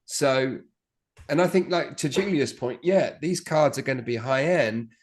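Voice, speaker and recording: A man's voice: medium pitch, a little slow. A man co-hosting an online business course, talking things through in a conversational way with a few hesitant restarts. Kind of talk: online teaching discussion.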